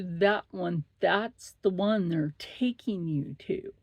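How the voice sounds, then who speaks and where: A middle-aged woman talks slowly in a chatty, blunt vlog. Her voice is gravelly with fry, and the sound is close and dry. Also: fairly low pitch, dry recording. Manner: chatty, blunt, swears freely. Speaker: vlog host. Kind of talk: casual chat.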